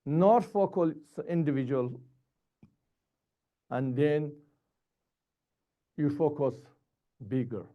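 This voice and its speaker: Slow-spoken male Buddhist teacher, halting. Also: fairly high pitch, dull audio. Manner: halting, repetitive phrasing with short broken sentences. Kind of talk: dharma teaching.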